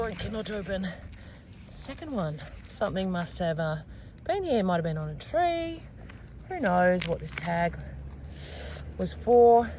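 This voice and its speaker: A woman giving chatty, excitable commentary to viewers while metal detecting outdoors in a park. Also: mid-range voice. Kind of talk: casual commentary to camera. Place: outdoors in a park under trees. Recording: outdoor recording with clear wind and ambient noise.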